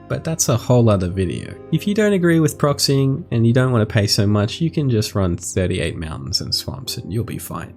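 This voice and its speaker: A young man hosting a casual, jokey card game deck review, irreverent and profane with quick comic asides. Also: medium pitch, darkish tone. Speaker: host.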